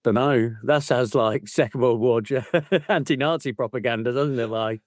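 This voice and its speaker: A man's voice: mid-range voice, moderate pace, dry recording, clean studio sound. A man co-hosting a football book podcast, mocking and swearing as he laughs through the chat. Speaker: podcast co-host. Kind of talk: casual chat.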